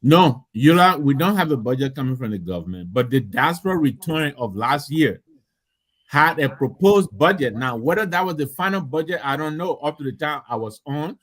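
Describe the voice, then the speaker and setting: A man's voice: fairly high pitch, expressive, normal speed, fairly bright tone. A man who speaks as a diaspora affairs official on a radio call-in show, insistent and argumentative.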